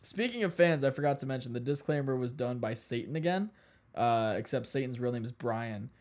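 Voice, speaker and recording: A man's voice: medium pitch, animated, fairly quick, darkish tone. Midwest guy cohosting a podcast, rambly and self-deprecating, laughs a lot, talking in a blanket-covered spare room. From Midwest United States. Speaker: podcast co-host. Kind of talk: casual podcast chat. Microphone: headphones and studio mic, remote setup.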